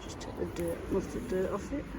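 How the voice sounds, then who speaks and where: A Yorkshire woman chatting to camera out in a muddy field, easily excited by what she finds. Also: fast, very noisy. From England. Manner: chatty, easily excited, talks to herself and viewers. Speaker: metal detecting vlogger. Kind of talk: casual talk to camera while digging.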